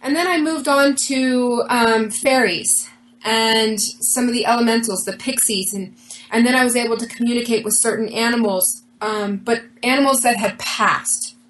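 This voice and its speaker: In a low-quality recording with a little hiss or hum, a woman being interviewed tells her personal story at a normal pace. Her voice is on the high side, and she earnestly brings the quoted dialogue to life.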